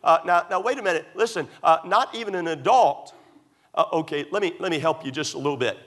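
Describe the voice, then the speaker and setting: A man's voice: a little high, a little fast, fairly bright tone. A middle-aged man, a pastor, preaching a sermon emphatically, repeating points and using many fillers.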